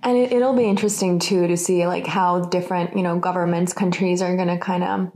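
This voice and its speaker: A woman from Nordic Europe with a fairly low voice co-hosts a relaxed chat. She rambles and restarts often, leaning on fillers and laughing between her thoughts. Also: brisk. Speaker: podcast co-host. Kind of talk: casual chat.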